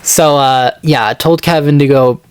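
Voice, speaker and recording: A man's voice: steady tone, moderate pace, smooth, dry recording. Podcast guy rambling thru a story, lots of likes, dry close sound. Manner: rambling, filler-heavy, acts out quoted texts in a higher voice. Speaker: podcast co-host. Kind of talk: casual storytelling chat.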